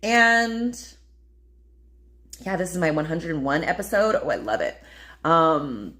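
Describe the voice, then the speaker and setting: Chatty playful woman vlogger, lowish voice. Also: expressive, a little slow, a bit bright. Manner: chatty and playful, with many fillers and "babe". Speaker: spiritual vlogger. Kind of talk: casual spiritual vlog talk.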